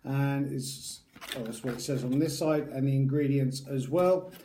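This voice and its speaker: A man's voice: medium pitch, moderate pace, warm tone, a little hiss or hum. A man giving a rambling, jokey unboxing review of a tattoo aftercare product, talking straight to his viewers. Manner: rambling, chatty, jokey asides.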